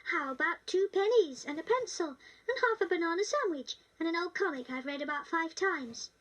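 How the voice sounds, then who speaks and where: A woman doing a squeaky little British girl. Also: animated, normal speed, a bit bright, distant mic, lo-fi sound. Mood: eager. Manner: eager and pleading. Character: lonely little city girl.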